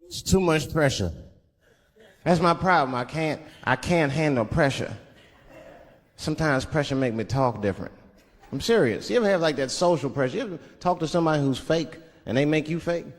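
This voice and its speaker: A man's voice: fairly high pitch, expressive, normal speed. A male stand-up comedian telling loose, profane stories and slipping into voices. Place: live comedy stage. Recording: reverberant stage with audience.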